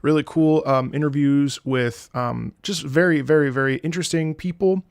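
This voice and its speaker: A man in his late thirties chatting casually as a streamer reacting to game music, excitable and swearing freely as he jumps between topics. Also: on the high side, moderate pace, vocal fry, clear, resonant tone, no room sound, studio quality. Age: late 30s. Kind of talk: casual rambling chat.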